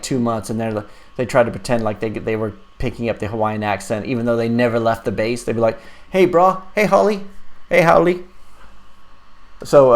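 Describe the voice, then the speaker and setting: A man in his forties hosting a casual live stream, rambling and laughing as he reads out viewer questions. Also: medium pitch. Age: 40s. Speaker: live stream host and app developer.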